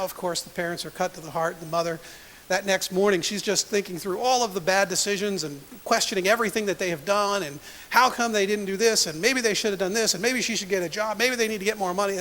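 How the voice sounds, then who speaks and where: A man's voice: high-pitched, pushed and bright, a little hiss or hum. A man preaching a sermon as pastor, telling a story and acting out its quotes. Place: church sanctuary. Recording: long church hall reverb.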